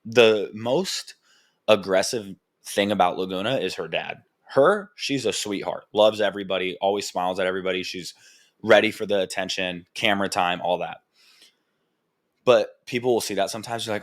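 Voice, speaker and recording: A young man with a low voice talks candidly into a podcast mic at a moderate pace, delivering a personal monologue. He rambles and swears freely, leaning heavily on "like" as he works through his thoughts.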